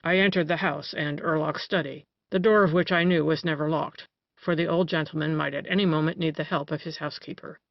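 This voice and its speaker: A cunning, boastful male detective, put on by an audiobook reader, savoring every detail of his tale. The voice is mid-pitch, recorded dry and slightly dull. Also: steady tone, brisk, vocal fry, dry recording, close to an everyday voice.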